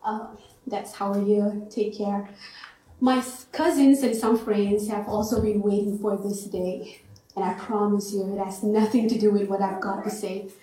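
A woman's voice: medium pitch, steady tone, normal speed, warm tone. A woman from India with an Indian accent, sharing an earnest, lightly self-joking testimony from a church pulpit. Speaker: guest speaker. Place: church sanctuary. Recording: echoey church hall.

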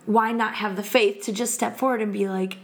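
Speaking briskly at a medium pitch, a thirtysomething woman shares a story as a podcast guest, animated and casual. She laughs a lot while acting out the quotes.

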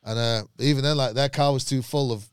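A man, a comedian, telling a road story in casual chat, animated and swearing freely, shrieking when he quotes himself. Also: medium pitch, a little fast, clean tone, dry recording, studio quality.

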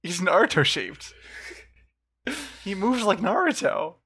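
Bright-voiced man, dry podcast recaps. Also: high-pitched, sing-song, takes it slowly, breathy edge. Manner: dry recaps, sarcastic asides. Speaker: podcast co-host. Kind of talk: casual chat and episode recap.

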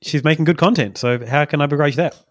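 A man's voice: fairly high pitch, fast talker, no room sound. A man, co-hosting a casual podcast chat and telling a rambling story with many fillers. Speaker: podcast co-host.

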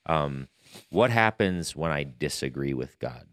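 A man's voice: extremely low pitch, lively intonation, measured pace, fairly bright tone, no room sound, studio quality. A man who is a pastor hosting a podcast, earnestly telling a personal story in casual conversation.

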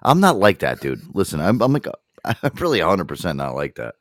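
A man from Connecticut hosting a casual podcast chat, cursing freely and laughing between stories. His low voice swings widely in pitch, and the sound is dry and close. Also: brisk, no room sound. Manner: profane, animated, laughing often. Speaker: host.

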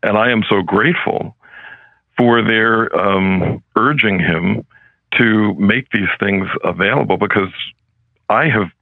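Man, podcast guest, low voice, crackly fry, measured and reflective, phone-line sound. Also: no room sound. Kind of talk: podcast interview. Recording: phone-like, dry, narrow sound.

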